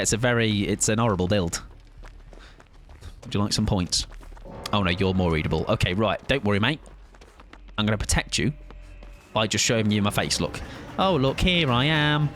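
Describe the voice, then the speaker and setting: A man's voice: on the low side, fairly bright tone. A man from southern England chatting casually to his viewers while streaming a game, joking at his own expense. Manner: chatty, self-deprecating, quick asides to chat. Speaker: gaming streamer. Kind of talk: casual live-stream chat.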